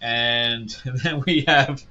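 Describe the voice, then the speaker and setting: A man's voice: mid-range voice, very slow, bright, forceful tone, highs cut off, soft background music. Rambling man reviewing comics. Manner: rambling, filler-heavy, chuckling asides. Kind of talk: casual comic book review.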